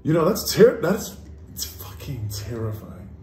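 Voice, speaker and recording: Animated swearing man in echoey room. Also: on the high side, unhurried. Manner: loud, animated, swears a lot. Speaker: podcast co-host. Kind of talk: casual chat. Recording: echoey room with faint hiss.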